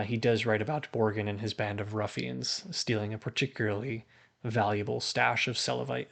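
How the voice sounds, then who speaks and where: A man narrating as game master of a streamed tabletop game, unhurried and hesitant, pausing on fillers as he describes scenes. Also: on the low side, vocal fry.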